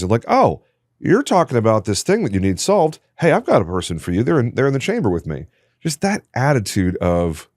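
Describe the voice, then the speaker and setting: A man's voice: lowish voice, darkish tone, no echo. A man hosting a podcast in a studio, speaking with emphatic enthusiasm. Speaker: podcast host. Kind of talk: casual conversation.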